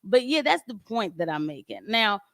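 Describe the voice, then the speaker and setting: Woman streamer, casual commentary, animated and emphatic, dry close home mic, mid pitch. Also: normal speed, dry recording. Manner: animated, emphatic, laughs often. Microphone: home microphone with audio trouble.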